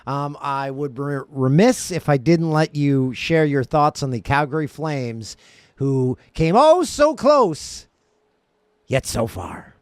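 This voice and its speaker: A man hosts a laid-back hockey talk show, steering the picks and joking with his co-host. His voice is a touch high and his manner playful. The recording is close and dry. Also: very animated, takes it slowly, no room sound. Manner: playful, joking, banter-driven. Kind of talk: casual sports podcast talk.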